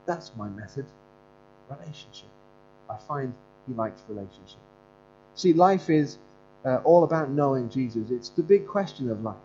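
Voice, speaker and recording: A man preaching an earnest, conversational sermon, telling stories with the odd filler and restart. His voice sits at an ordinary pitch for a man. The recording is dull and lo-fi, with a clear mains hum running behind him. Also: expressive, moderate pace, mellow. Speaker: pastor and Bible school leader.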